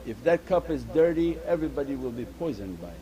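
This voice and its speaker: A man's voice: medium pitch, animated, fast talker, a crowd in the background, rough recording. A man giving an earnest Sufi sermon, repeating his points and mixing Arabic religious terms into English. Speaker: Sufi teacher.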